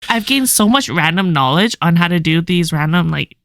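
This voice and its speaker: A young woman co-hosting a podcast, telling stories in quick, animated casual chat full of "like". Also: lowish voice, dry recording, clean studio sound. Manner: fast, animated storytelling with lots of "like". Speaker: podcast co-host.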